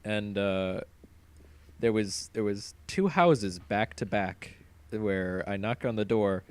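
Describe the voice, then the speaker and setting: A man's voice: fairly low pitch, takes it slowly, clean tone. A man hosting a podcast, telling a long story in casual chat. He laughs often and swears freely. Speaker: podcast host.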